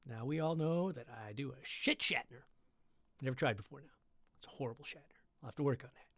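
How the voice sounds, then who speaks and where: A man chatting on his own livestream between readings, rambling with quick, self-deprecating asides from his computer setup. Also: medium pitch, fairly bright tone, dry recording, clean studio sound. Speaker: livestream host reading stories. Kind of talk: casual chat on a livestream.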